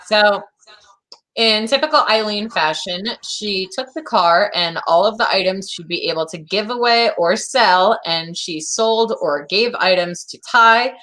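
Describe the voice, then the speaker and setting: Bright-voiced woman podcast co-host. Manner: animated storytelling, acts out quotes in a high voice. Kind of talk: casual true-crime podcast chat.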